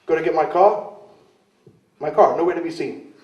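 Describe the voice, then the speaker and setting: A man's voice: on the high side, normal speed. Rambling man, distant in a roomy club. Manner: rambling, self-deprecating, acts out quoted voices. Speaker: interviewee, wrestler. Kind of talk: casual storytelling interview. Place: club in London. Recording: roomy, distant, dull lo-fi camcorder sound.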